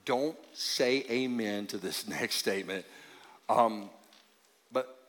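A male pastor preaching a sermon in a conversational, joking way, with sudden drops into quiet emphasis. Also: on the low side, takes it slowly. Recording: long hall reverb.

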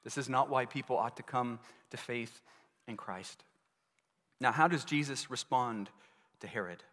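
A man's voice: mid-range voice, a little slow, fairly bright tone. A male pastor delivering a sermon in an earnest manner, asking his listeners many rhetorical questions. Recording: long reverb of a large hall.

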